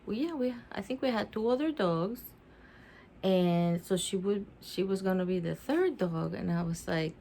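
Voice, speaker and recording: Expressive mother reading a storybook aloud. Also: mid-range voice, normal speed, slight background noise. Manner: expressive, chatty, laughs easily. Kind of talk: storybook read-aloud with chatty asides. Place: at home with her dog.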